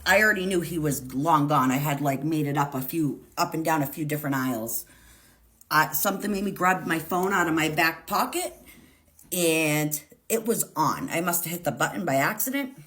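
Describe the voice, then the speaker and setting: Low-voiced woman telling an intense story. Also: expressive, normal speed, fairly bright tone. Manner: intense, profane, dramatic retelling. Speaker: storyteller vlogger. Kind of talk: emotional storytime vlog.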